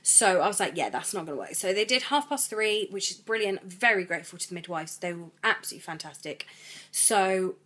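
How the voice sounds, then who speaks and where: A woman vlogging about her week, talking in long rambling runs. She is pregnant and retells events with animated energy, quoting the people involved. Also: on the low side, fairly quick. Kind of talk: chatty vlog storytelling.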